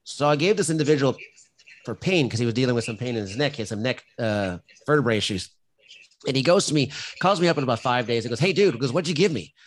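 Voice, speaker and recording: A middle-aged man speaks as a guest in a casual podcast interview. His voice sits at an ordinary middle pitch. He talks bluntly and with emphasis, often restarting a sentence as he works through his point. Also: animated, fast talker, slight background noise. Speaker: podcast guest, firefighter and company founder.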